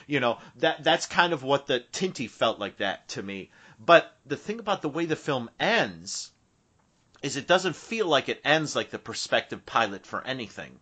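A man co-hosting a podcast in casual chat about a TV movie, talking haltingly with restarts. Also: mid-range voice, big pitch swings, pushed and bright. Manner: halting, with restarts and "you know". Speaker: podcast co-host.

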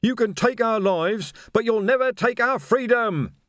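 A weeping, bitter male militiaman, as a man puts him on raises his voice high and strained, wailing his grievances and then screaming defiance. The sound is dry and close, with no room around it. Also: moderate pace, no echo, close to an everyday voice. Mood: defiant yelling. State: crying.

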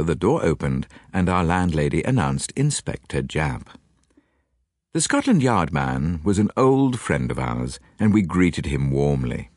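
Man, audiobook narrator, first-person story, low voice, very animated pitch, dry close recording. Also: normal speed, no room sound. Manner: expressive, wide-ranging delivery.

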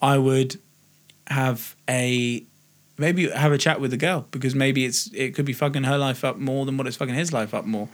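A man's voice: medium pitch, steady tone, moderate pace. This is a young man in casual podcast chat. He teases his co-host and swears freely. His talk is loose and full of laughter. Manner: crude, teasing and laughing.

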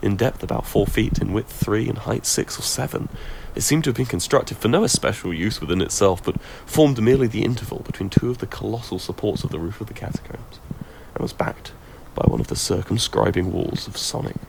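A man giving a measured, expressive reading of a classic horror story, with occasional stumbles. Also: lowish voice, gravelly, a little hiss or hum, poor audio. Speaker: reader.

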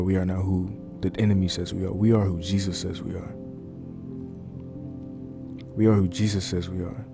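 A man's voice: low-pitched, mellow. A man preaching an informal sermon into a microphone, earnest and conversational, repeating key lines and using fillers. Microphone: desk microphone.

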